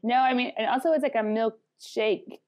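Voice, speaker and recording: A woman's voice: a little high, normal speed, a little mellow. Wry, giggly woman podcast co-host. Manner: wry, giggly, sarcastic asides. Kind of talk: casual chat.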